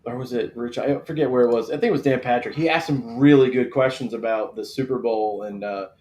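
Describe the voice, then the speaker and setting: A man's voice: medium pitch, fairly quick, darkish tone, highs cut off. A man hosting a live draft stream, telling stories in a laid-back, casual way. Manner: chatty, storytelling, laid-back with swearing. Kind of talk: casual chat. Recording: echoey room.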